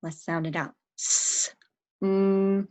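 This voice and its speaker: Woman teacher, lowish voice, very slow and deliberate, sounds out and spells words for young kids. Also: poor audio. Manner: patient, encouraging.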